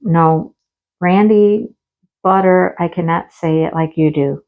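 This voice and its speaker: A woman's voice: lowish voice, takes it slowly, narrow, tinny audio. A woman vlogger chatting casually and rambling while she works on a diamond painting. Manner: chatty and rambling, with fillers and asides. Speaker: crafting vlogger.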